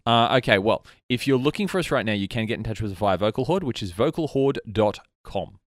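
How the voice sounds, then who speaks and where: A man hosting a casual podcast chat, rambling and animated, his voice sometimes trailing off into mutters. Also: on the low side, a little fast, no room sound, studio quality. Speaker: podcast host. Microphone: studio mic.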